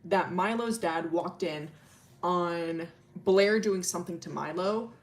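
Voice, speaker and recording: A woman's voice: fairly low pitch, slow. A woman streamer casually telling a long story, rambling with lots of fillers, laughing often and swearing freely.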